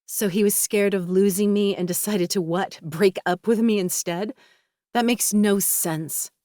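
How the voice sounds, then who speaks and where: A woman voicing a shaken young woman writer who speaks softly and slowly, keeping a brave face. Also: medium pitch, fairly even intonation, no echo, studio quality, pitched above the performer's own voice, close to an everyday voice. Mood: subdued.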